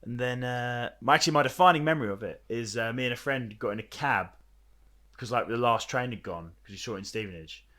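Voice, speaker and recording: A young man co-hosting a casual film podcast, talking in an animated, rambling way with frequent fillers and restarts. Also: mid-range voice, fast. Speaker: podcast co-host.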